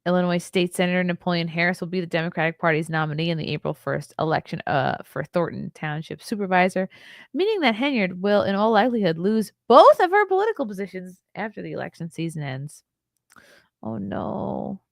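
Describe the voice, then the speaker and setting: A woman's voice: lowish voice, animated, a little fast, gravelly, no room sound, studio quality. A woman in her thirties hosting a casual livestream, reading news aloud and answering chat messages with wry, chatty asides and a tired air. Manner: chatty and wry, laughs and ad-libs between reading. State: tired, yawning. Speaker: livestream host.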